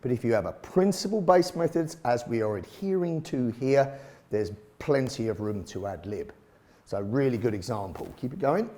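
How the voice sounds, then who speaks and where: A man's voice: medium pitch, lively intonation, normal speed, mellow, slight background noise. A man explaining a self-defence drill, blunt and casual, with the odd swear word. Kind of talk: instructional commentary.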